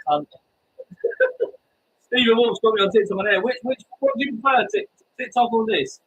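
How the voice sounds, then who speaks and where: A man's voice: extremely high pitch, measured pace, muffled recording, a little hiss or hum. A man hosting a live stream, chatting to his viewers in a rambling, sweary way with stammered restarts. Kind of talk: casual live-stream chat.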